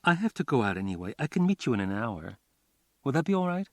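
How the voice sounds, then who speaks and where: A man voicing a young woman, a former magician's assistant, who talks quickly and in a businesslike way. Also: medium pitch, sing-song, a little mellow, dry recording, studio quality. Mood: brisk.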